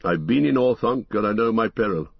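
A man's voice: lowish voice, lively intonation, a little fast, creaky, no echo, highs cut off. A man voicing a stern, commanding old wizard in an audiobook reading. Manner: loud commanding calls.

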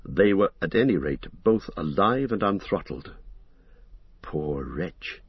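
A man narrating an audiobook in an expressive, dramatic storytelling manner, on a dull lo-fi recording. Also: on the low side, normal speed, slightly rough, no room sound. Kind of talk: scripted narration.

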